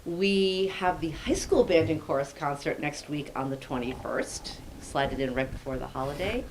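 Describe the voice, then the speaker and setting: In a noisy recording of a committee meeting, a woman with a deep voice reports school announcements at normal speed. Her delivery is upbeat, chatty and jokey.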